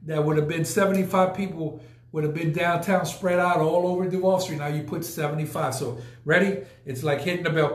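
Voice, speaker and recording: A man's voice: sits high, steady tone, fairly quick, roomy sound. A man hosting a casual podcast, talking emphatically and repeating points for effect. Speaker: podcast host. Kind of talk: casual live podcast talk.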